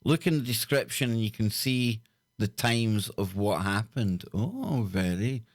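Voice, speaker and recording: A man hosting a casual livestream chat, talking in an excitable, slangy way. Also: on the low side, measured pace, no room sound, clean studio sound. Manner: excitable, loud laughs, slang-heavy. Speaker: host.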